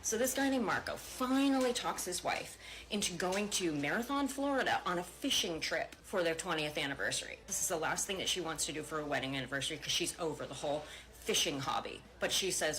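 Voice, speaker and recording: A woman telling a long joke in a lively storytelling manner. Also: lowish voice, fairly quick, low-quality recording.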